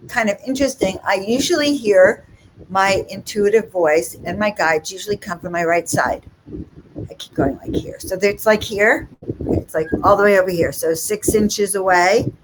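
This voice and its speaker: A woman talking casually on a livestream as an intuitive reader and spiritual teacher, chatty and enthusiastic, rambling from one thought to the next. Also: medium pitch. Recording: audible background noise and clicks.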